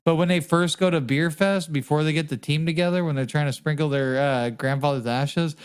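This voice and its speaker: A man's voice: fairly high pitch, a little fast, clean tone. Joking, profane man on a podcast. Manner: joking, profane, laughs often. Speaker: podcast co-host. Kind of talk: casual podcast banter.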